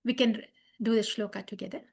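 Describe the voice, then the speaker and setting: A woman's voice: medium pitch, steady tone, fast, husky. A woman teaching a children's scripture class, chanting verses and repeating her points earnestly. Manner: earnest, repeats phrases, asks the class questions. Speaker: Bhagavad Gita teacher for children.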